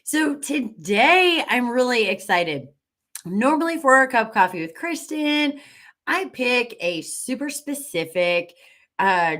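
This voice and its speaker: A bubbly, enthusiastic middle-aged woman hosts a live stream from home, talking into her webcam. Her voice sits fairly high and swoops up and down with lively energy. She speaks at an unhurried pace between her cheerful whoops. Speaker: livestream host. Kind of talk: upbeat live-stream chat with viewers.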